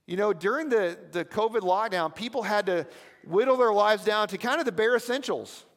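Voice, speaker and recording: High-voiced pastor preaching in a hall. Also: male voice, moderate pace. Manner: storytelling, conversational with audience asides. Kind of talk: sermon. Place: church.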